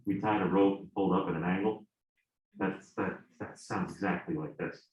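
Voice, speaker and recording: A man's voice: deep voice, fairly even intonation, moderate pace, a little mellow. A male physics professor lecturing a class, candid and joking, with exasperated asides. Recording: roomy classroom echo.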